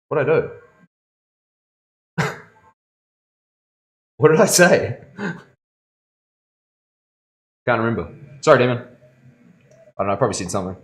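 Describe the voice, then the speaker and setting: Picture a tattoo artist mid-session, talking to his live-stream audience in an easy, loose, rambling way. He is a man with a fairly low voice who throws in a lot of "bro" and laughs easily. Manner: laid-back and rambling, calls viewers bro, laughs often. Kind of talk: casual live-stream chat while working. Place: tattoo studio.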